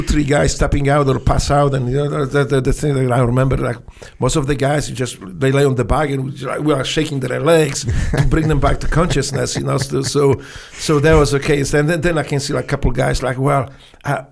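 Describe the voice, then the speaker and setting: An older man with a Polish accent speaks as a podcast guest. His voice is gravelly and mid-pitched. He talks haltingly, with many restarts and non-native phrasing. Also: level tone, slight background noise. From Poland. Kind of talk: casual interview chat.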